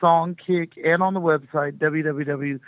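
A woman's voice: deep voice, steady tone, no room sound. Chatty middle-aged woman on a phone line. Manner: chatty, rambling, quick to laugh. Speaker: touring music artist, guest. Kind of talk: casual phone interview.

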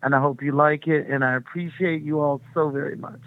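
A woman's voice: deep voice, steady tone, a little fast, slight background noise. A middle-aged woman, a touring music artist, chatting upbeat and rambling as a guest calling into a radio show. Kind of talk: phone interview on radio. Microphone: phone call. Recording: tinny phone line.

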